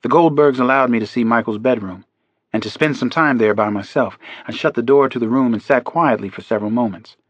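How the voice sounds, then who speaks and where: Casting: male thriller audiobook reader, mid-pitched, measured, dry booth sound. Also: dry recording, muffled recording. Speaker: audiobook narrator. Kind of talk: scripted audiobook narration.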